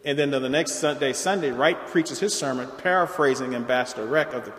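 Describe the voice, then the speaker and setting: Male lecturer, mid-range voice, deliberate academic delivery, long hall reverb. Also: medium pitch, a bit bright. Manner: measured, explanatory, occasional restarts.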